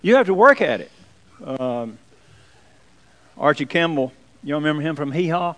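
A man's voice: on the high side, expressive, moderate pace, a bit bright, rough recording. A man, a pastor giving a folksy, joking sermon to his congregation in church. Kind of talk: sermon with jokes.

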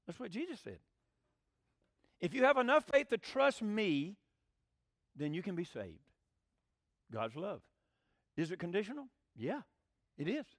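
A man's voice: sits high, a bit bright, no echo, clean studio sound. A male preacher, giving a folksy sermon, often asking the congregation questions and acting out quoted voices.

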